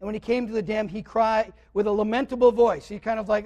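A man preaching a sermon, animatedly retelling a scripture story and acting out the characters, swinging between loud and quiet. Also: high-pitched, steady tone, fast, few pauses.

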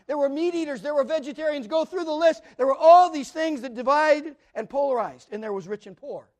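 A man preaching a sermon, emphatic and repetitive, swinging from loud declarations to hushed asides. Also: extremely high pitch.

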